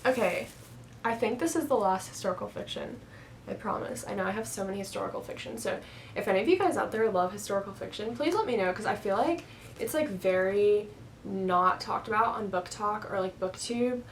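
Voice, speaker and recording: A woman's voice: medium pitch, fairly quick, a little hiss or hum, poor audio. Chatty young woman rambling about books. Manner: chatty, rambling, heavy use of "like". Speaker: book vlogger. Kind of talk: casual chat. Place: at home. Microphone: camera on a stand.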